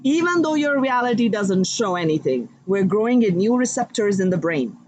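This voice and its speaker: A woman giving a live tarot reading, speaking warmly and directly to her viewers with affirming spiritual encouragement. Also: mid-range voice, big pitch swings, moderate pace, muffled recording, a little hiss or hum. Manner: chatty, addresses viewers directly. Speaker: tarot card reader.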